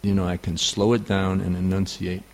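A man with a New York accent giving a scripture class, halting and full of fillers. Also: low voice, little pitch movement, darkish tone. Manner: halting, many fillers and restarts. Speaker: spiritual teacher.

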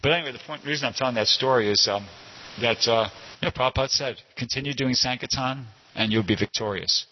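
A man's voice: mid-range voice, quick pace, slight background noise. An older man telling a rambling personal anecdote at a temple class, often circling back to correct himself. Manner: rambling, digressive, frequent self-corrections. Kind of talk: informal anecdotal storytelling. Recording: dull lo-fi recording.

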